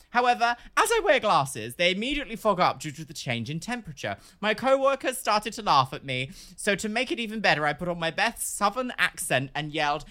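A woman co-hosting a podcast, reading stories aloud in casual chat and slipping into playful voices. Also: medium pitch. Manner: animated storyteller, slips into playful voices.

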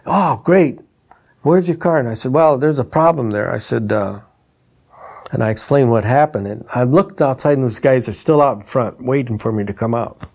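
Anecdotes pour out of an older retired trumpeter and instrument designer in a brisk, creaky, mid-range voice. He's lively about it, mimicking the voices in the dialogue he quotes.

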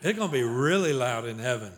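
A male pastor preaching a sermon, slowing down to read scripture dramatically and calling on the congregation to repeat after him. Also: medium pitch, animated. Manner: emphatic preaching, calls on the congregation to repeat lines; slows for dramatic scripture reading.

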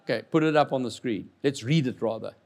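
A man preaching a sermon as pastor, animated and joking with the congregation, swinging from loud to quiet. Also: medium pitch, fast. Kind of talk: lively sermon.

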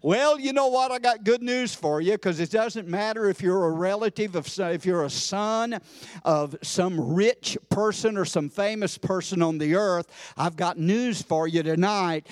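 A man preaching a sermon in a church service, folksy and full of amens, building to fervent shouts. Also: high voice, measured pace, no room sound, clean studio sound. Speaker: pastor.

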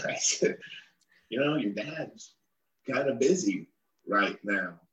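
A middle-aged man speaks as an interview guest and tells his story in detail. His voice sits at an ordinary male pitch. He acts out the lines of the people he quotes as he goes. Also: slow, reverberant, poor audio. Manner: animated storyteller acting out quoted dialogue.

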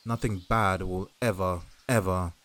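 A man's voice: sits low, steady tone, measured pace, fairly bright tone. A man voicing an overly cheery retro field reporter in a comedy news sketch, with a jaunty 1950s radio-presenter delivery. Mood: chirpy.

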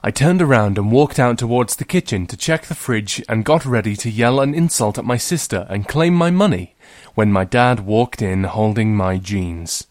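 A man's voice: lowish voice, lively intonation, moderate pace, no room sound, clean studio sound. A man, hosting as a librarian storyteller and reading a short story aloud with wry humour. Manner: wry, gently humorous.

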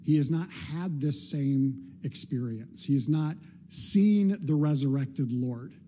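A man's voice: medium pitch, slow pace, dark tone, slightly rough. A male pastor preaching a sermon in a casual, conversational way, now and then acting out short quoted lines with a playful touch.

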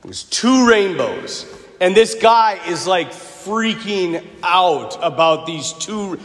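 Priest type, man, lively pitch, throat-clearing storyteller, roomy church sound. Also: takes it slowly. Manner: animated, joking storyteller. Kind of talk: homily. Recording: echoey hall with long reverb.

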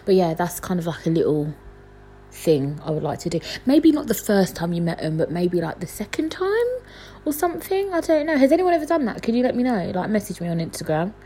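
A young woman, hosting a casual solo podcast from home at night, rambling and chatty with lots of fillers and laughs, talking quietly. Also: on the low side, a little hiss or hum, poor audio. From London. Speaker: podcast host.

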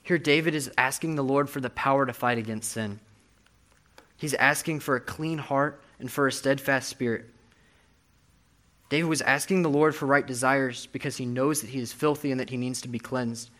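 A man's voice: mid-range voice, fairly even intonation, normal speed, a bit bright. A young man preaching a sermon, earnestly reading and explaining scripture. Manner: earnest, reads scripture aloud with emphasis.

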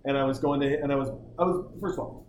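A man's voice: mid-range voice, fairly even intonation, quick pace, darkish tone, echoey room, slight background noise, low-quality recording. A man hosting a podcast, telling rambling, jokey stories in casual group chat. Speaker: podcast host.

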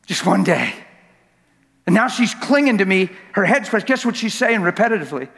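Male preacher, high voice, emphatic and repetitive delivery with shouted peaks; long church-hall reverb. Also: very animated, moderate pace, vocal fry. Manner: emphatic, repeats words for effect, rises to shouting at climaxes; jokes with the crowd. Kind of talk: sermon.

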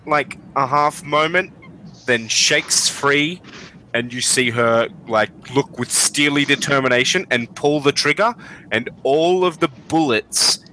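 A man narrating a tabletop game as game master, in a casual, unhurried way with many fillers. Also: medium pitch, pushed and bright, slight background noise, poor audio.

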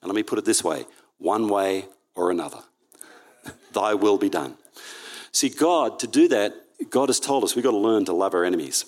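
Speaking at a normal pace in a lowish, animated voice, a man preaches earnestly in church. He reads aloud from the Bible and corrects himself often as he goes.

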